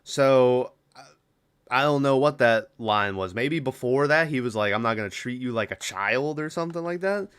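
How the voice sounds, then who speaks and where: A man's voice: medium pitch, animated, normal speed, fairly bright tone, clear, resonant tone. A young man hosting a podcast alone, loosely retelling a horror film's plot with lots of fillers and swearing. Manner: rambling, profane, filler-heavy retelling. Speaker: podcast host. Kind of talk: casual movie recap.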